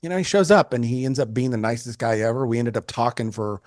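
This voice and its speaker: A man in his sixties talks through stories in a relaxed interview, chatty and animated, tripping over his own restarts and dropping the odd curse. His voice sits at an everyday pitch. The recording is close and dry, with no room sound at all. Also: fast, dry recording. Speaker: photographer guest. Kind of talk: casual interview storytelling.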